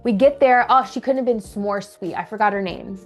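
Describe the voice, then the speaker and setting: A young woman telling a personal story to camera in a candid, animated way, acting out what people said. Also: mid-range voice, fairly quick, soft background music. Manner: candid, animated retelling with acted quotes. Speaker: vlogger.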